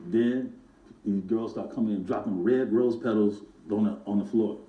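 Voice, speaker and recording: A man, a music producer and guest, telling stories in an animated way and acting out the voices of the people in them. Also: lowish voice, normal speed, reverberant, muffled recording. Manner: acts out other people's voices in his stories. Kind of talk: animated storytelling.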